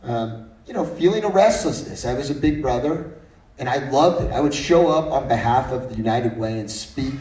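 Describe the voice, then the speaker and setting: A man's voice: medium pitch, a little mellow. A man in his thirties gives a faith-based talk at a breakfast meeting. He tells funny stories and often restarts his sentences. His voice comes from some distance and sounds roomy. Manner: anecdotal and humorous, with frequent restarts. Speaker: guest speaker. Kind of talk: faith-based storytelling speech.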